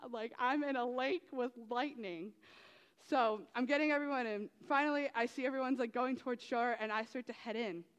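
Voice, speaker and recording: A young woman with a fairly high voice tells a story to a youth group in a lively, chatty way, full of fillers and asides. Her voice rings out with a long reverb, as in a large hall. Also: smooth, muffled recording. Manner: animated storytelling with many fillers. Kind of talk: testimony talk to youth.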